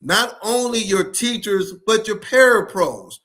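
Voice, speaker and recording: A man speaks with passion and insistence, hammering his points home by repeating them. His voice sits high for a man and rings bright and forceful. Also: measured pace. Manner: emphatic, repeats key points. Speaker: education speaker. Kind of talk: passionate solo talk to camera.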